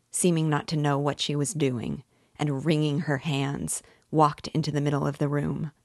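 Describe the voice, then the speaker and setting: A woman reading a classic novel aloud in a measured, steady narration. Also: sits low, dry recording, clean studio sound. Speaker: book reader and guide.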